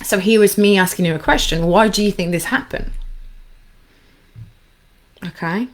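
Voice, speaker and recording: A woman coaching listeners through a guided forgiveness exercise, speaking calmly with slow, repeated instructions. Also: medium pitch. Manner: calm, slow, repetitive instructions. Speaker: anxiety coach.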